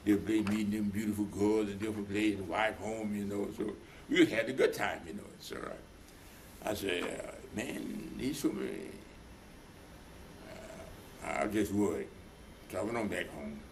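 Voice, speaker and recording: A man's voice: on the low side, a little slow, vocal fry, a little hiss or hum. An older man in an oral history interview, telling stories at length and acting out the voices of the people in them. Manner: rambling, retells dialogue in voices. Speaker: veteran being interviewed.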